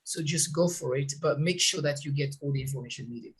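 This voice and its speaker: A middle-aged man from Guadeloupe with a French accent touched by British vowels, talking haltingly as an interview guest and laughing often. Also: fairly high pitch, husky. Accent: French with British tinge. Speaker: restaurant owner guest. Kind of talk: casual interview talk.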